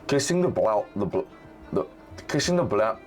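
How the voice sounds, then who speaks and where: Joking young-sounding man with low voice. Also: normal speed, faint music behind. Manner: joking, energetic, stumbles over words. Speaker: vlogger. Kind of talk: casual quiz vlog.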